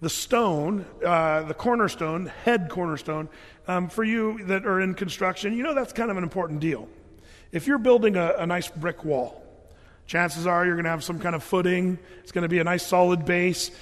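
A man's voice: high-pitched, normal speed. A man preaching a sermon as pastor, reading scripture aloud and then explaining it in a conversational, folksy way, with frequent fillers and restarts. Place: church. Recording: long hall reverb.

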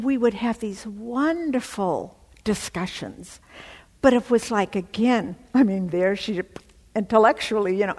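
Slow, heartfelt woman in a reverberant hall. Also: mid-range voice, a little mellow, husky. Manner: heartfelt, halting storytelling with many fillers. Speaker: church member giving a personal testimony. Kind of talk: emotional personal testimony.

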